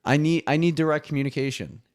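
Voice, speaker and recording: A man's voice: a little high, fairly even intonation, quick pace, no room sound, clean studio sound. A young man hosting his own podcast, rambling casually in a solo monologue, swearing freely and laughing at his own jokes. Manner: rambling, profane, laughs often. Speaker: podcast host.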